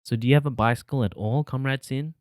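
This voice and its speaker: A man's voice: mid-range voice, fast talker, no echo, studio quality, pitched above the performer's own voice, natural voice. A man reading a cheeky, curious boy who likes teasing, in an audiobook. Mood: playful. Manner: playful, teasing.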